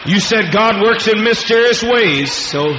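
A man's voice: high-pitched, lively intonation, measured pace, background noise. Profane commanding preacher, man, echoing hall. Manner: profane, commanding, barking orders at the congregation. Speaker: preacher and faith healer. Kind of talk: fiery healing-service sermon. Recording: dull lo-fi archive recording in a reverberant hall.

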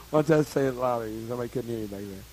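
A man leading a group meeting in a blunt, teasing way, prodding people for questions. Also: medium pitch. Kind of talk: casual meeting talk. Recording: hissy old tape recording.

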